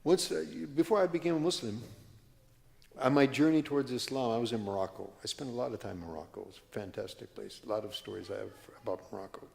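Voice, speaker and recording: A man's voice: medium pitch, fast, gravelly, darkish tone. A man in his seventies from California, telling stories with many tangents and restarts as a workshop speaker in a mosque. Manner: rambling, prone to tangents and restarts. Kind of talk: storytelling talk. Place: mosque hall. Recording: long hall reverb.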